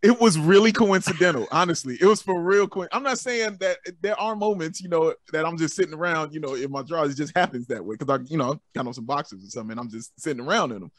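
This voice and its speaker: A man's voice: fairly high pitch, fast, few pauses, no room sound. A man chatting as a podcast guest in an upbeat, laid-back way, laughing often and calling people "man". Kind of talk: casual chat.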